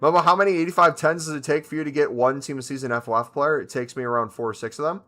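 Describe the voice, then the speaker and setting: A man's voice: a little high, racing, bright, forceful tone, faint music behind. A man streaming a video game, chatting casually and answering viewers' questions as he plays. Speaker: gaming streamer. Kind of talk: casual live-stream commentary.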